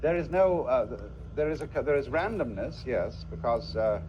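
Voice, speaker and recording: A man's voice: mid-range voice, animated, moderate pace, a little mellow, a little hiss or hum. A man giving a philosophical lecture in a musing way, asking the listener rhetorical questions, heard from a dull lo-fi archival recording.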